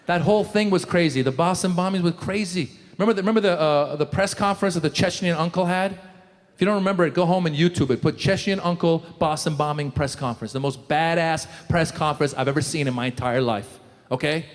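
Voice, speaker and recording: A male stand-up comedian doing a live set, mocking and quick, talking straight to the crowd on a handheld mic. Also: a little high, big-room sound. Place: live comedy stage before an audience.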